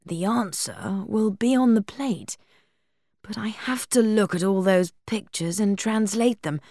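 A woman voicing a calm, scholarly middle-aged male librarian who explains in a measured, steady way. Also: mid-range voice, dry recording, clean studio sound. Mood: explaining.

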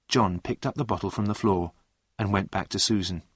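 A man narrating a story in a calm, plain, measured reading voice. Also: on the low side, husky, dry recording, clean studio sound.

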